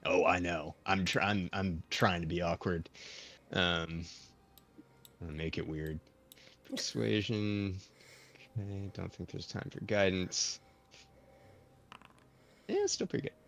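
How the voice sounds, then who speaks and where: Deep, lively-voiced male player. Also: slow pace, vocal fry, pauses often, slight background noise. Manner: eager, chatty, many "like" fillers. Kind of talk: casual tabletop play.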